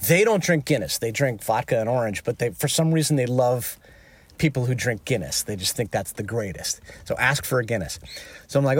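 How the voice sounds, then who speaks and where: A man, a touring musician, telling an anecdote in casual chat, animated and peppered with fillers. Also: moderate pace. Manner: animated, jumps into high excited voices when quoting himself; peppers speech with "like" and "you know". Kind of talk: casual storytelling.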